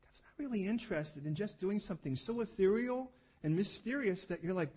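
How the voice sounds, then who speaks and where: A man preaching a lively, humorous sermon, often acting out the voices in the stories he tells. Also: sits high, brisk, husky. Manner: animated, humorous, acts out voices.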